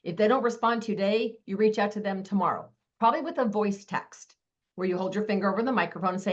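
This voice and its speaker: A woman giving a live online sales training, talking fast with a lot of energy over a video call. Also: mid-range voice, lo-fi sound.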